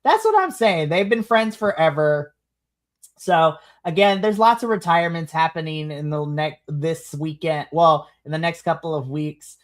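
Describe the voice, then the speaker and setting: A podcast co-host reviewing a wrestling show in casual chat, animated, with big swings in pitch and frequent laughs. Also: normal speed.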